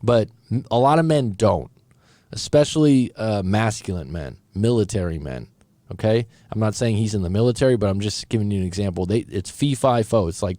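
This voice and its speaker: A man's voice: fairly low pitch, expressive, brisk, dark tone, dry recording. A man, a breakup coach, reads out a viewer's story and comments on it in a casual, direct way, sometimes stumbling over his words. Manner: casual and direct, thinks aloud, some stumbles.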